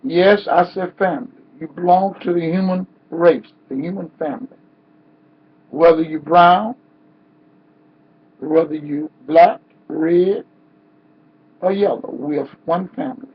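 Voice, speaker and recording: Male activist speaker, high husky voice, unhurried preaching cadence, dull lo-fi sound. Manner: preacher-like cadence, rising to cries. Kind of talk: impassioned protest speech.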